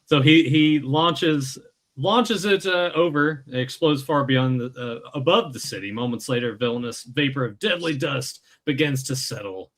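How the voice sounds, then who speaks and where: A man's voice: medium pitch, moderate pace, fairly bright tone. A man in an easygoing podcast chat, reading comic panels aloud and laughing along with his co-host. His voice sits in a plain middle range for a man. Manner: laughs often, asks questions. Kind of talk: casual chat.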